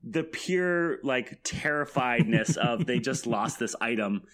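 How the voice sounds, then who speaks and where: A man's voice: mid-range voice, animated, takes it slowly, a bit bright. Laid-back man telling a game story. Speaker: podcast guest, game master. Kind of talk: casual podcast chat.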